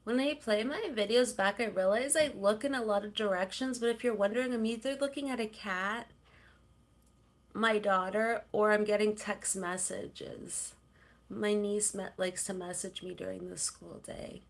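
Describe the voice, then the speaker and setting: A middle-aged woman from Canada, chatting casually on a livestream and cooing softly to her cats. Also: medium pitch, normal speed. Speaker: livestream host.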